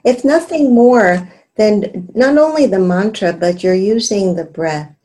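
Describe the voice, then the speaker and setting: A woman meditation teacher giving calm, measured guided instruction and chanting mantras softly during a video interview. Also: medium pitch.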